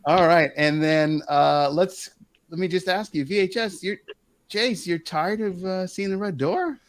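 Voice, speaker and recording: A man's voice: sits high, unhurried, no echo. A man hosting a casual podcast chat with friends, mixing a theatrical intro with easygoing banter. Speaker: podcast host.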